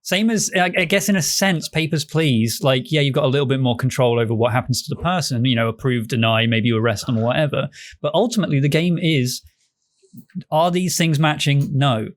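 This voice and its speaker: A man deep in a casual podcast conversation about game ideas. He talks in an animated, loose way, slipping into quick acted-out quotes and casual swearing, at an ordinary middle pitch. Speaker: podcast co-host, game developer. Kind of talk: casual chat.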